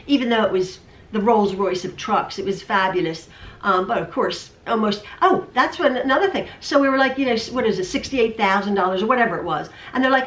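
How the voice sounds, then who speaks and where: A woman's voice: on the high side, animated, a little fast, a bit bright, far from the mic. A woman chatting casually in her home sewing room, rambling, repeating herself and stammering. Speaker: quilting vlogger. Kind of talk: casual chat. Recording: roomy, off-mic.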